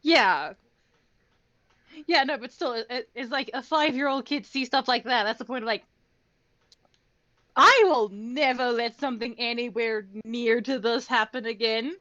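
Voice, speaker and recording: A woman player argues her case at a tabletop game, emphatic and blunt with casual swearing. Her voice sits a little high, recorded dry and somewhat muffled. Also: measured pace, pauses often, pushed and bright, dry recording.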